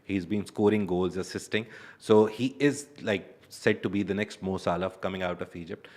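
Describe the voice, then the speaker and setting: Low-voiced man chatting about sports. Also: steady tone, normal speed, darkish tone. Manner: chatty, lots of fillers and laughs. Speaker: sports show co-host. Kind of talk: casual sports chat.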